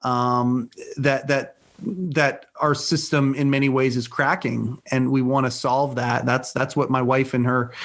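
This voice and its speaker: A man hosting a podcast, talking earnestly in a casual interview with many restarts and repeated words. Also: fairly high pitch. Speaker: podcast host.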